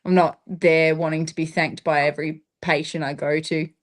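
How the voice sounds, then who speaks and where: A woman's voice: low voice, level tone, moderate pace. An Australian woman in her thirties, a paramedic, talking reflectively in a casual interview and laughing often. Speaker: guest, paramedic.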